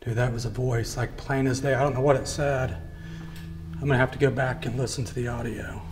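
A man investigating an abandoned building alone at night, talking to camera and calling out to spirits in a hushed, jumpy way. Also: medium pitch, fairly even intonation, brisk, creaky, a little hiss or hum, rough recording. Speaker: paranormal investigator. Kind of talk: solo ghost-hunt narration to camera.

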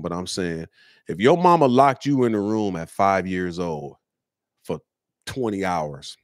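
A man's voice: medium pitch, darkish tone, no echo, studio quality. A man hosting his own show, telling a personal story in an earnest, casual, slangy way. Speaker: host.

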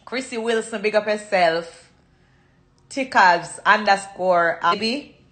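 A woman's voice: mid-range voice, unhurried, fairly bright tone. Chatty Jamaican woman in an echoey room. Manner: chatty, slips into patois. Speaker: livestream host. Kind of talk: casual livestream chat.

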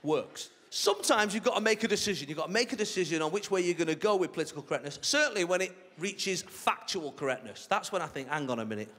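Lively stand-up comedian. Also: male voice, high voice, fast, few pauses. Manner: chatty, cheeky, lively storytelling to a crowd. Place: large theatre stage with a laughing audience. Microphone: stage microphone. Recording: live hall reverb with crowd noise.

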